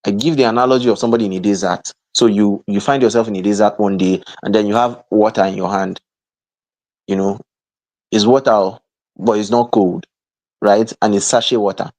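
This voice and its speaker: A man's voice: on the low side, a little mellow. A man giving a motivational online lesson as a mentor, repeating points and talking to viewers in the chat. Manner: emphatic, repetitive, addresses the chat. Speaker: mentor and coach.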